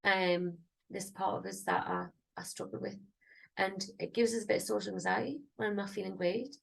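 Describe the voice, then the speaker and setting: A woman's voice: mid-range voice, fairly even intonation, normal speed, vocal fry, low-quality recording. A woman, rambling and thinking aloud in a casual vlog. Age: 30s. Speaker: singer vlogging.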